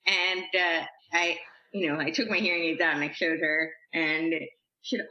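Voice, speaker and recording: A woman guest on a podcast, telling stories from her life in a chatty, animated way, acting out what people said. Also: deep voice, normal speed. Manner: chatty, animated, uses "like" a lot and acts out quotes. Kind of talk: casual storytelling interview. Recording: echoey room, slightly dull sound.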